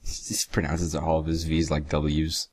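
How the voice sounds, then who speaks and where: A very low-voiced young man reacts sarcastically to a video in a monotone, a bit slowly, swearing loosely and fumbling the lines he reads. His voice is darkish and slightly rough, recorded dry and close with no room around it.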